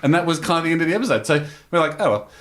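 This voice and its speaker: A man's voice: a little high, very fast. Man telling a rambling story. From Australia. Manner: rambling, animated storyteller acting out quotes. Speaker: podcast guest. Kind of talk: casual storytelling chat.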